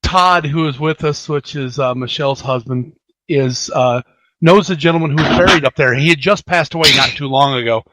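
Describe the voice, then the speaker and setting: A man's voice: on the high side, normal speed, sharp tone. A man guest on a radio talk show, a paranormal investigator who tells an eager story with some hesitation. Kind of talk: casual radio chat.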